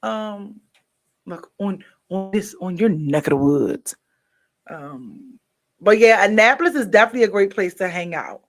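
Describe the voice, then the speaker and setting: A woman's voice: mid-range voice, moderate pace. A sleepy woman hosting a casual livestream, chatting straight to her viewers and jumping from topic to topic as she yawns. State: sleepy, yawning. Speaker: livestream host. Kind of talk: casual live-stream chat.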